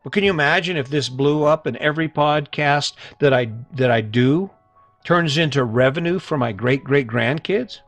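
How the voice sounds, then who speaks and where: A man's voice: a little high, moderate pace, no room sound, faint music behind. A middle-aged man hosting a solo motivational podcast, talking earnestly and emphatically and repeating points for emphasis. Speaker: podcast host.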